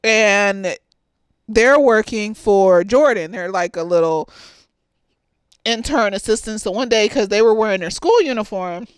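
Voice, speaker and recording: A woman therapist giving a casual, slightly tipsy movie review, animated and profane, laughing often. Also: mid-range voice, a little slow, clear, resonant tone, no echo.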